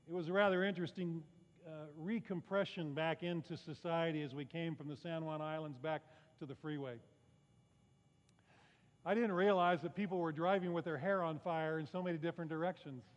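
A man preaching a sermon, talking conversationally with rhetorical questions and self-deprecating asides. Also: on the high side. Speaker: pastor. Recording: muffled sound with long reverb in a large hall.

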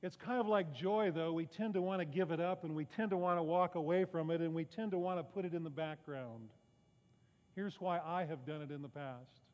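A man's voice: a little high, a little fast, darkish tone. A man preaching a sermon, talking conversationally with rhetorical questions and self-deprecating asides. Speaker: pastor. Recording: muffled sound with long reverb in a large hall.

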